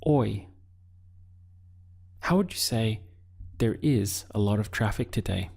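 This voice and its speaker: A man teaching a Spanish lesson, speaking deliberately and pausing so the learner can answer. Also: on the low side, expressive, gravelly, a little mellow, husky. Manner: slow, deliberate teaching with pauses for learner practice. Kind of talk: video language lesson.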